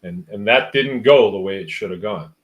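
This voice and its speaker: A man's voice: fairly low pitch, normal speed. A man hosting a livestream, reading out viewer comments and musing in a rambling, wry, casual way. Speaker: host.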